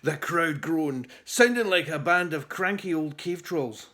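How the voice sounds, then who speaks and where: A man reading his children's book aloud in an animated, theatrical way. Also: on the high side, measured pace.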